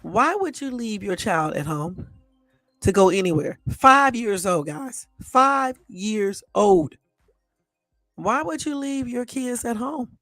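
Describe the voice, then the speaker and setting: A woman's voice: a little high, expressive, unhurried, fairly bright tone, no echo, faint music behind. A woman hosting a live stream, reacting bluntly and with exasperation to news clips, repeating herself and swearing casually. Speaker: channel host.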